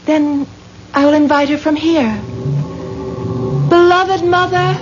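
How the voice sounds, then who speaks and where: An actress playing a young bride who is dreamy, earnest and defiant, in a radio drama. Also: female voice, high voice, fairly even intonation, slow, over music. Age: young adult. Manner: earnest, emotional. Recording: dull lo-fi radio play with faint noise.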